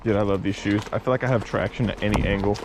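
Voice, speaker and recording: A lower-voiced man talks straight to his viewers in a loose, joking travel-vlog way, recorded outdoors on a trail with a handheld camera. Clear background noise runs under his voice. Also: fairly even intonation, fast. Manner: chatty, joking, addresses viewers as guys. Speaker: vlogger.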